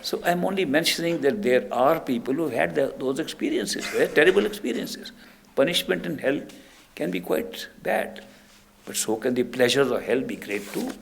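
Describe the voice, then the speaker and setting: A man's voice: medium pitch, expressive, normal speed, creaky, slight background noise. An older man, giving a spiritual talk and telling stories in an anecdotal, emphatic way. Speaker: spiritual teacher.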